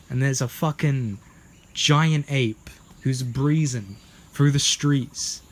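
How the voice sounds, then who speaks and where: A man's voice: mid-range voice, slow pace. A young British man rambling through a jokey, meandering monologue outdoors in a garden, swearing a lot and slipping into silly voices. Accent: British English. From Britain. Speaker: vlogger.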